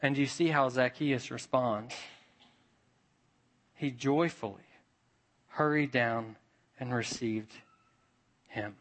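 A man's voice: medium pitch, steady tone, slow pace, long pauses, fairly bright tone. Man preaching a story-driven sermon. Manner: storytelling preacher, rhetorical questions, acts out quoted voices. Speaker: pastor.

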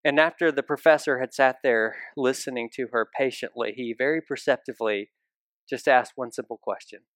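A man's voice: mid-range voice, fairly quick, a bit bright, no echo, studio quality. A man preaching a sermon as pastor, talking conversationally and putting direct questions to his listeners.

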